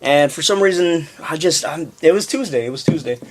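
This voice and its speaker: Brief: young male podcast co-host, profane and animated storyteller, slightly raised pitch. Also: fairly quick. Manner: profane, ranting storyteller who mimics voices. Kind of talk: casual chat.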